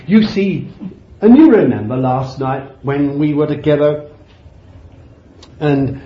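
A man preaching a sermon with deliberate phrasing, climbing to fervent high peaks and then dropping low and quiet. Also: a little hiss or hum. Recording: dull lo-fi sound in a roomy hall.

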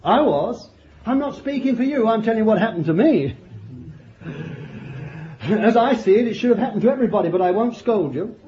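An older man preaching a fervent sermon, swinging from loud declarations to low murmured asides and breaking in with praise. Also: expressive, a little fast, pauses often. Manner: exclaims hallelujah and glory between points. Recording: dull lo-fi archive recording.

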